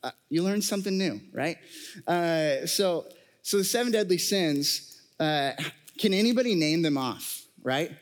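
Male preacher, slightly high voice, conversational sermon style, jokey asides to the congregation. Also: animated, measured pace, in a large hall. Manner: conversational, joking asides, frequent fillers.

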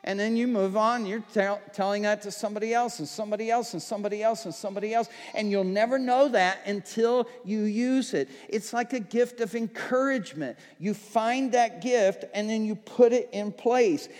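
A man preaching a sermon as pastor, talking conversationally and building to fervent, shouted passages. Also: high-pitched, moderate pace, hardly any pauses. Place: church auditorium. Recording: long reverb of a church hall.

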